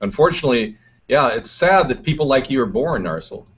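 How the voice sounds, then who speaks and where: A man's voice: mid-range voice, animated, a little fast, a bit bright, breathy edge. Combative man hosting a live chat show. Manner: reads and answers chat, combative. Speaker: host. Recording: dull lo-fi stream audio.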